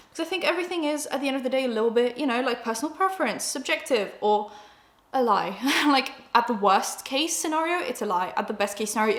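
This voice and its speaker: A young British woman talks quickly in loose, chatty commentary full of fillers and self-corrections. Her voice sits somewhat high in pitch, and the sound comes from an echoey room. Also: fairly bright tone. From Britain. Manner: chatty, rambling, lots of fillers. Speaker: beauty YouTuber. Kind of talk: casual commentary.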